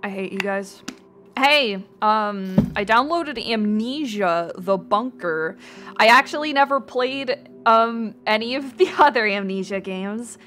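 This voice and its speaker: At a measured pace, a woman VTuber with a medium-pitched, fairly bright voice chats casually with her audience. She rambles, reads chat names, thanks viewers, and swears and laughs often.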